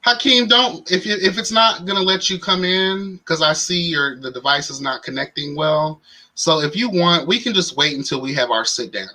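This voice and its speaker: A man's voice: fairly high pitch, moderate pace, pushed and bright. A man hosting a casual livestream and chatting with viewers in a sassy, playful way. He sounds tired. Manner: sassy and playful, calls viewers "child" and "honey". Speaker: livestream host.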